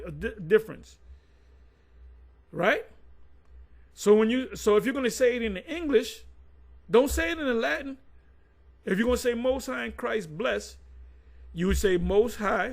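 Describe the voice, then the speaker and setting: A man's voice: sits high, creaky, poor audio. A man giving informal religious commentary to his viewers, reading definitions aloud and explaining them in a conversational way that often repeats itself.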